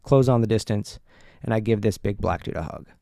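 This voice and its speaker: A man's voice: on the low side, a little fast, creaky, warm tone, no room sound, studio quality. A man hosting his own show, telling a personal story in a candid, loose way with lots of filler words. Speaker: podcast host. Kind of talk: casual storytelling monologue.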